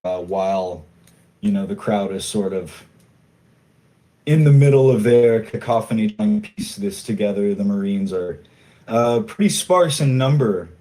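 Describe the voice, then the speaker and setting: A man narrating as game master, in a loose, halting way with many fillers. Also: on the low side, sing-song, dark tone, low-quality recording.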